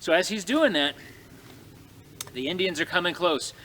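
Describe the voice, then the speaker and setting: Folksy guy spinning a frontier yarn out in the snowy woods, bright voice, a bit high. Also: normal speed, slight background noise. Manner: folksy, animated, talks to the audience. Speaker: living history storyteller. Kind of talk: folksy oral storytelling.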